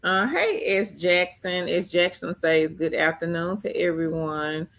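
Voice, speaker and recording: A woman's voice: lowish voice, unhurried, gravelly, fairly bright tone. A woman hosting a casual livestream, greeting viewers and reading their comments aloud. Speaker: livestream host reading chat. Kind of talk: casual live-stream chat.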